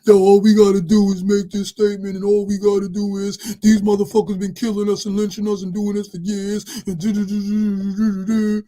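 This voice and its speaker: A man's voice: high-pitched, monotone, brisk, few pauses, warm tone, close to an everyday voice, poor audio. A man voicing a brash, hotheaded young man who boasts about fighting and stammers when fired up. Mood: boastful.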